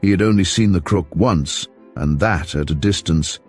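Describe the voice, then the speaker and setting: A male audiobook narrator with a very deep voice, telling the story in a measured, steady way. Soft music plays faintly underneath. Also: husky.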